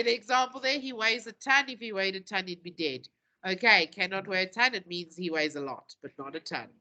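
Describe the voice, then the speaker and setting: Bright, playful woman teacher. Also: mid-range voice. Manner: playful, acts out quotes in dramatic voices. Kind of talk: classroom lesson.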